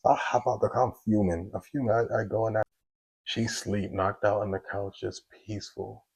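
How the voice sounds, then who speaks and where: Low gravelly man telling his story. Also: fairly even intonation, moderate pace, a little mellow, low-quality recording. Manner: conversational, full of fillers and quoted back-and-forth. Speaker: storyteller sharing a personal testimony. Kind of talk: casual spoken storytelling.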